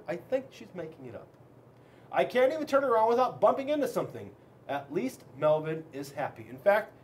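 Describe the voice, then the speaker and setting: A man, a school resource officer, reading a children's book aloud in an animated, expressive way. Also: high voice.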